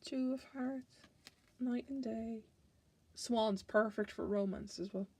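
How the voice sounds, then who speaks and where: A woman's voice: on the high side, takes it slowly, warm tone, husky. A woman tarot reader chatting casually through a card deck, playful and giggly.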